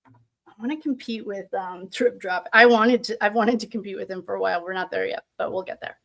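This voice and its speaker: A woman's voice: medium pitch, a little fast, creaky. A young woman hosting a tarot channel, chatting casually with her live viewers in a giggly, self-deprecating way. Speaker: tarot reader and channel host. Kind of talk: casual livestream chat.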